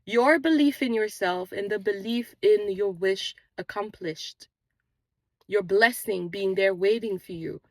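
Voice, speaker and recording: A woman with a medium-pitched, darkish voice talks a little slowly in a dry recording made outdoors on a walk. As host of a manifestation channel, she offers earnest spiritual motivation in a repetitive preaching rhythm and remarks on her own non-native English accent of unstated origin.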